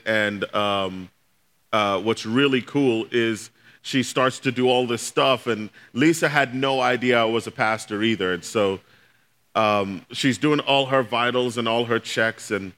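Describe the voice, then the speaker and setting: Bright-voiced pastor man telling a story. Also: on the low side. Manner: storytelling, conversational, addresses the congregation directly. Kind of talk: sermon.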